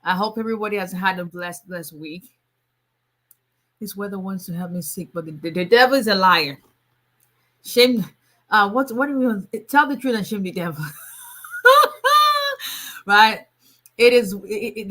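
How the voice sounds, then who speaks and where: Bright-voiced woman attorney chatting live. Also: medium pitch, moderate pace, long pauses. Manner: chatty, laughs often, frequent restarts. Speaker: immigration attorney hosting a livestream. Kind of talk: casual livestream chat.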